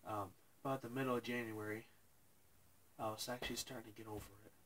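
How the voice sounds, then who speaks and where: A young man telling a painful personal story to his viewers, halting and tearful, pausing and restarting as he cries. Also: lowish voice, steady tone, fairly bright tone, a little hiss or hum, low-quality recording. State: crying. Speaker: vlogger. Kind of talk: emotional personal story to camera.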